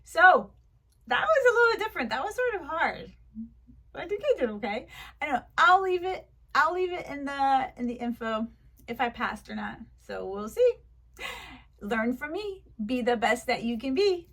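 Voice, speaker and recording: A woman with a high voice runs a pretend lesson for small children, cheerful and encouraging. She heaps on the praise and clearly speaks slowly for little listeners. Between segments she drops into candid, chatty talk with her viewers. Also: big pitch swings, fairly bright tone. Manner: upbeat, encouraging, exaggerated praise. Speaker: teacher applying as online tutor. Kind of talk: mock lesson for young children.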